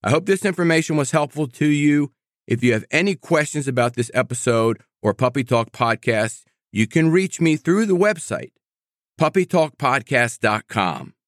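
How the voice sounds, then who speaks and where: A man's voice: on the high side, animated, normal speed, dry recording, clean studio sound. A man hosting his own podcast on puppy training, explaining patiently and repeating his key points. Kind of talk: solo podcast talk.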